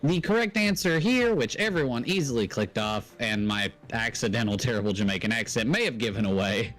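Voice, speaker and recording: A man's voice: mid-range voice, lively intonation, a little fast, fairly bright tone, faint music behind, rough recording. A man co-hosting a livestreamed trivia game, rambling in casual banter and laughing easily. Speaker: trivia co-host.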